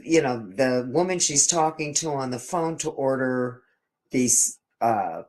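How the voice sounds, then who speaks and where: An older man tells a casual, wandering story to his camera, vlogger-style, often restarting sentences and stammering over repeated words. His voice is a little high, a little mellow, and unhurried.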